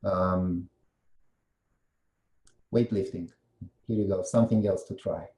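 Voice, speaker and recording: A man's voice: low-pitched, fairly even intonation, slow pace, warm tone, reverberant, poor audio. A man giving a meetup presentation, explaining slides one by one and putting questions to the audience. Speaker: guest presenter.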